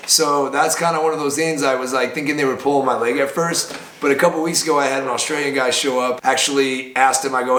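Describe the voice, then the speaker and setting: A man opening fan mail in a casual vlog, chatty and prone to loud excited outbursts. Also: medium pitch, fast, hardly any pauses. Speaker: bar owner and vlogger. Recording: echoey room, faint background noise.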